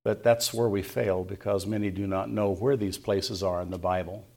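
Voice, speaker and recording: A man in his sixties preaching a sermon as pastor, telling a personal story in a folksy way and softly quoting the people in it. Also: on the low side, steady tone, moderate pace, creaky.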